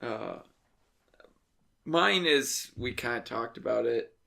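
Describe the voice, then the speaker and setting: A man co-hosting a casual movie-review podcast in a relaxed way, moving the talk along to the next topic. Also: mid-range voice, slow pace, creaky. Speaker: podcast co-host.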